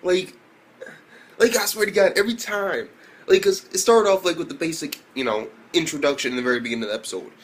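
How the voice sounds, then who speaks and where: A young man reviewing an anime episode in a casual, excitable way, swearing a lot and breaking into loud exclamations. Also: fairly high pitch, fast talker. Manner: excitable, profane, full of fillers and loud exclamations.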